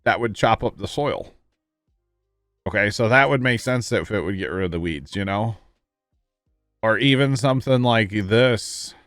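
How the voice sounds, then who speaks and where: Casual male streamer, lowish voice, easygoing explainer who talks to chat. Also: a bit bright, no room sound. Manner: chatty, reads chat aloud, explains farming gear. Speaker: livestream host. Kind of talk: casual gameplay commentary.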